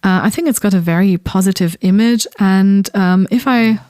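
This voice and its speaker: A woman's voice: medium pitch, moderate pace, warm tone, no echo, studio quality. A woman whose first language is German, co-hosting a linguistics podcast in thoughtful casual conversation, hedging with fillers and restarts.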